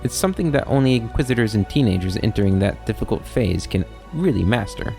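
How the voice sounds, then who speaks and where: A man's voice: on the low side, expressive, fast talker, gravelly, dark tone, soft background music. A man voicing a sly, talkative male kobold schemer with a wry, rambling, mock-innocent manner.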